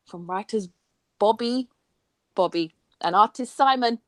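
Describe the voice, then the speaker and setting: A woman co-hosting a casual podcast chat, expressive and quick to react. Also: on the high side, no room sound. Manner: expressive, reacts with many small sounds. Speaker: podcast co-host.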